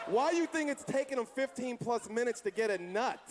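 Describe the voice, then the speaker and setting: Brash, profane high-voiced stand-up comic. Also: male voice, expressive, fairly quick, few pauses. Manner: brash, profane, crowd-baiting. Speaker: stand-up comedian. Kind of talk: stand-up comedy set. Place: comedy club stage before a live audience. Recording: live club with audience and noise.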